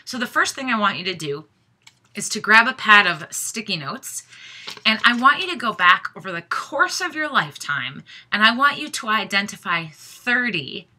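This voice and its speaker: A woman's voice: medium pitch, pushed and bright. A middle-aged woman facilitator talking straight to her audience, upbeat and encouraging, often restarting her sentences. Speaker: workshop facilitator. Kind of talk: direct-to-camera prep message.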